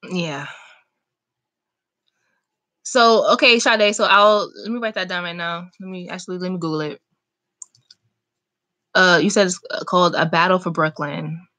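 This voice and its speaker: A young woman chatting casually on a live stream, reading and answering viewer comments in an animated, talkative way. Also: lowish voice, a little slow, pauses often. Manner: chatty, animated, talks back to chat comments. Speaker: vlogger hosting a live chat.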